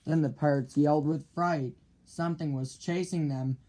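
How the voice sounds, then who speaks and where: A man reading a children's picture book aloud in a slow, clear storytelling manner. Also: on the high side, fairly even intonation, mellow.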